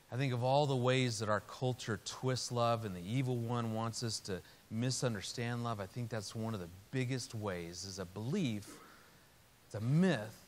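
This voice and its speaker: A middle-aged man giving a sermon in a storytelling way, animated and humorous by turns, then earnest. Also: medium pitch. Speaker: Christian speaker. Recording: reverberant hall with faint hiss.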